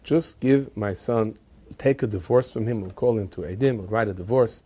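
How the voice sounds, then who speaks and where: A man voicing an older rabbi and father who pleads calmly and slowly with measured words. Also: husky. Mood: persuasive. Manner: slow, low and measured.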